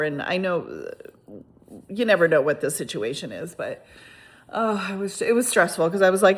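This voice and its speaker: A woman casually telling a personal story on her vlog. She rambles with frequent restarts and asides and retells events in a lively, exclamatory way. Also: lowish voice, a little slow.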